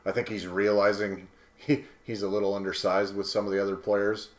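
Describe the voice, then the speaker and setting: A man with a very deep voice talking through his points slowly, repeating himself as he thinks. His mic picks up a lot of room echo. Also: flat delivery. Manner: thoughtful, halting, repeats words. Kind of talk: casual podcast chat. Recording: roomy echo.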